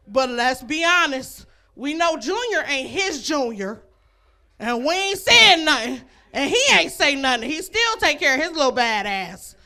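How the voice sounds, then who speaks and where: A woman's voice: high voice, big pitch swings, unhurried, bright, forceful tone. A woman doing a stand-up comedy set, brash and laughing between her jokes, on a comedy club stage.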